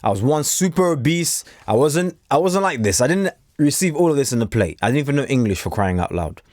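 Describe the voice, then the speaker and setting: A man's voice: mid-range voice, very animated, fairly quick, darkish tone, no echo, clean studio sound. A man from Africa giving a blunt, preachy motivational talk straight to camera, acting out the voices he quotes. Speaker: self-improvement coach.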